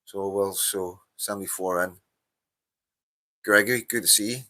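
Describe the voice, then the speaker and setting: A man's voice: low-pitched, fairly even intonation, normal speed, sharp tone. A tired middle-aged man with a Northern Irish accent, hosting a casual live stream and rambling with many fillers as he greets viewers. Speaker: livestream host.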